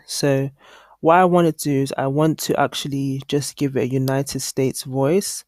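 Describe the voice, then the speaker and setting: A man teaching an online course narrates a software screen recording, casually thinking out loud with plenty of ums and false starts. His pitch is medium, and the studio-quality recording is dry.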